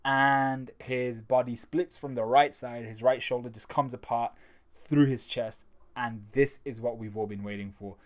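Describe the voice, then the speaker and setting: A man talking through a manga chapter in a casual, chatty review, getting excited and often restarting his sentences. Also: mid-range voice, a little slow.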